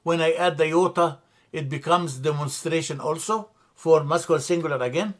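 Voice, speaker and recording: A man teaching a grammar lesson, explaining step by step, spelling out letters, repeating words and often pausing to correct himself. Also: a little high, a bit bright. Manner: frequent hesitations and self-corrections. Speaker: language teacher.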